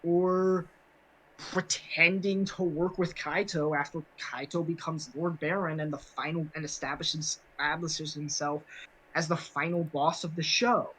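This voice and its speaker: Slow, rambling man with many fillers. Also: a little high, level tone, sharp tone, rough recording. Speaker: podcast co-host. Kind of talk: casual chat.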